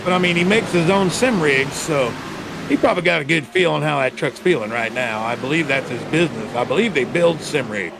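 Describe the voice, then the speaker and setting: A laid-back man gives color commentary, his voice gravelly and a touch high. He speaks plainly and casually. Clear background noise runs under his mic. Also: lively intonation, fairly quick. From United States.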